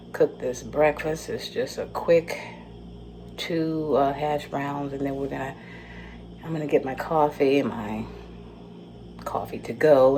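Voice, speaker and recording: In a rough recording with car noise behind her, a middle-aged woman from California chats to her vlog viewers in a low, dark voice. She rambles and laughs at herself, moving from the car to her home kitchen.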